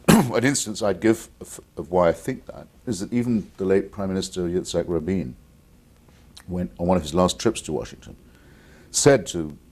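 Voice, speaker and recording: An English man, an author who is the guest on a call-in television interview, speaking deliberately and articulately with blunt opinions. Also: deep voice, a little mellow, slightly rough. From England.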